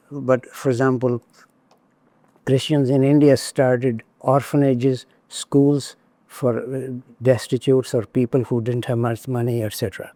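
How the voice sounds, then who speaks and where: A man giving a lecture on spiritual traditions, speaking in a measured, deliberate way with occasional wry asides. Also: mid-range voice, warm tone, no room sound.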